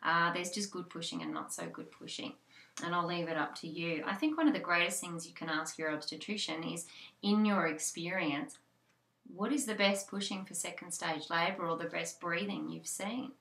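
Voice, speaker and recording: A woman's voice: lowish voice, lively intonation, normal speed, fairly bright tone, roomy sound. A woman with an Australian accent, a childbirth educator giving an informal talk with many fillers and restarts. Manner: conversational, with frequent fillers and restarts.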